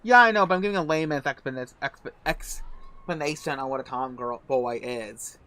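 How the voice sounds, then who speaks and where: A man's voice: medium pitch, normal speed, pushed and bright. Rambling man streamer, casual asides. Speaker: gaming streamer. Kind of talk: casual commentary while reading a game story.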